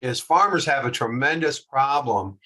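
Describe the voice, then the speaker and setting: Man, workshop presenter, bright voice, casual and hesitant, video call. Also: medium pitch, animated, normal speed. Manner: casual, hesitant, many fillers. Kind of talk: webinar commentary.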